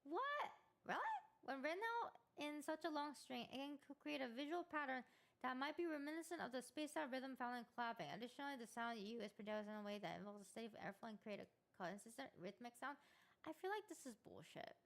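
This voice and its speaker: A woman streamer chatting casually and excitably on a live stream, laughing and talking back to a chatbot. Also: fairly high pitch, fast talker, vocal fry.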